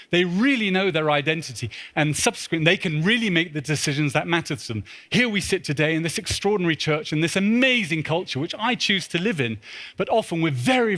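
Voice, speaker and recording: Fast, bright-voiced man storytelling. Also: a little high. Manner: animated, acts out his own pleading and inner voices. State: a little out of breath. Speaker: speaker at a symposium. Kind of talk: storytelling keynote talk. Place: large church.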